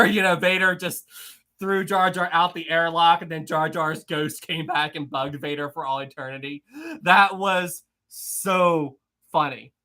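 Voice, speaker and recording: Male livestream host: casual, giggly, rambling, bright tone. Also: high-pitched. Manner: chatty, giggly, rambling with many restarts. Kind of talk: casual livestream chat, reading super chats.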